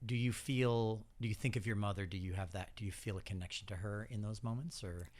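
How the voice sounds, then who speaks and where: A man's voice: lowish voice, steady tone, a little fast, a little mellow. A man hosting a casual radio interview, asking questions and giving brief encouraging prompts. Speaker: radio host.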